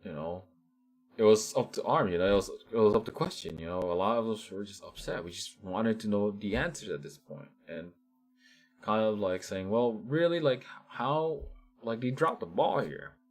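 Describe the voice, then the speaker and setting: Male vlogger, deep-pitched, animated rambling commentary. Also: normal speed. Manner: animated, rambling, many restarts and fillers. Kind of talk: casual ranting commentary.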